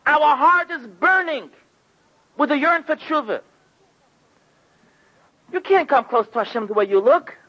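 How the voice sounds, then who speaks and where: High, bright-voiced impassioned preacher man. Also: expressive, measured pace, pauses often. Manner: impassioned storytelling, acting out quoted voices. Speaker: rabbi giving a sermon. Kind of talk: sermon. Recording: dull lo-fi recording.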